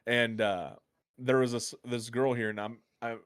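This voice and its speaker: An American man telling a rambling, profane story in a casual podcast chat, getting excited as he goes. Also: mid-range voice, measured pace, clean tone, dry recording, studio quality. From United States. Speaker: podcast co-host.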